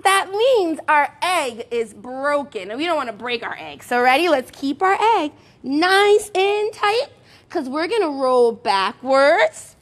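A young woman teaching a sing-song music and movement class for toddlers, bubbly and encouraging, with excited gasps. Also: high voice, a little slow.

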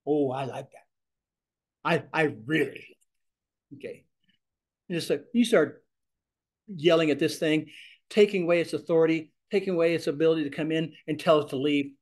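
A man teaching a ministry class, speaking in an animated way and acting out the prayers he teaches. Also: on the high side, normal speed, long pauses.

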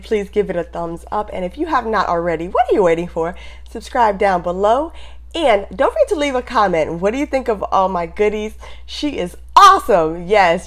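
Woman beauty vlogger, casual unboxing chat, gushing and excitable. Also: mid-range voice. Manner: gushing, excitable, talks straight to viewers.

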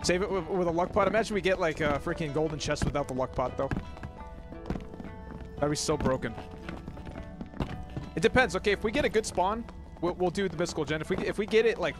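A man streaming a game, chatting casually, ranting and swearing at chat. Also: a little high. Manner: swears and rants, talks to chat. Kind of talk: casual gaming commentary. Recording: game music loud behind.

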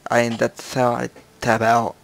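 A young man chatting casually as a co-player in a game session, easygoing and playful with deadpan jokes. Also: mid-range voice, normal speed, gravelly. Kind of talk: casual gaming chat.

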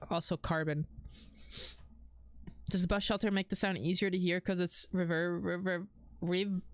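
A woman's voice: on the low side, no room sound. Casual, swearing young woman streamer. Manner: chatty, swears freely, reads chat aloud. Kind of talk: casual live-stream chat while gaming.

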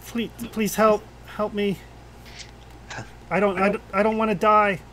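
A small boy, terrified and crying, begs in a high, breaking voice, as a man puts him on. The pleas come out choked, as if he can barely get the words out. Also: level tone, a little slow, a bit bright, a little hiss or hum. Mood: terrified pleading. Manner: pleading, voice breaking with sobs. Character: frightened young human boy, about ten, sobbing.

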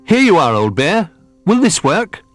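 A man voicing an excitable little toy bear in a storybook reading, with a high, eager childlike voice. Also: unhurried, soft background music, heavily acted.

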